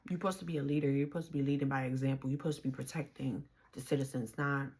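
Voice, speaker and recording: Husky low-voiced Bronx woman. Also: steady tone, very fast, darkish tone. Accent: New York. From New York, the Bronx. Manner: casual slangy talk, quoting others in voices, rising when heated. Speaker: vlogger telling her story. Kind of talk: candid storytelling to camera.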